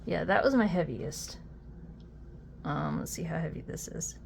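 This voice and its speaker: A young adult woman chatting casually while unboxing a fidget toy, easily amused and quick to exclaim. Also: deep voice, gravelly, a little hiss or hum.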